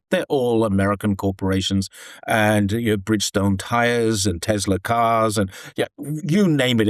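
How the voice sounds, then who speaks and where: A man's voice: lowish voice, dry recording, clean studio sound. Man talking at length. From United Kingdom. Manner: earnest, rambling, with frequent restarts. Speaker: commentator living in China. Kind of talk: conversational discussion.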